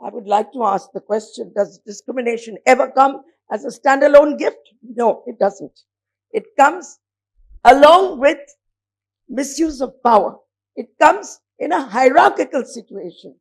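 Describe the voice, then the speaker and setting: A woman speaks from the podium in a high, clear voice. She delivers her points with rhetorical weight and slows down on the words that matter. It sounds like a formal address to an audience of lawyers. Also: animated. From India, born in Bombay. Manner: emphatic, rhetorical, pauses on key words. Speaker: speaker at a legal lecture event. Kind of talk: formal public speech.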